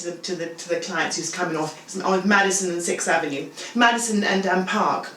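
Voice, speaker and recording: Woman in her sixties telling a lively story. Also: lowish voice, fairly quick, hardly any pauses. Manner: animated anecdotal storytelling, full of asides like "you know" and "okay?". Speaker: make-up artist guest. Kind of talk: casual chat. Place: home bathroom. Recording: roomy, distant-sounding, faint room noise.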